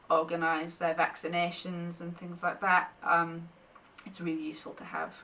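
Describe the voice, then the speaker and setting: A woman's voice: fairly low pitch, sharp tone, far from the mic. A young woman in pregnancy, chatting casually to camera and often short of breath, laughing between thoughts. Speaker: vlogger sharing pregnancy updates.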